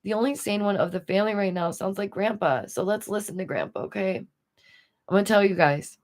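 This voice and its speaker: A woman's voice: mid-range voice, a little fast, darkish tone. A woman hosting a commentary livestream, talking casually and animatedly to her audience with rhetorical questions. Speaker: commentary streamer.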